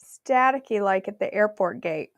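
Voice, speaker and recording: Over staticky, warbly sound, a woman chats through a relaxed live cooking stream from her kitchen at home, her medium-pitched voice creaky, animated and moderately paced. She pokes fun at herself while fussing with her microphone.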